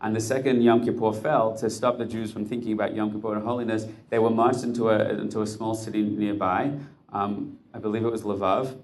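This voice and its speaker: A man's voice: lowish voice, little pitch movement, fairly quick, a little mellow. A man telling a dramatic story to listeners, building suspense with short, punchy phrases.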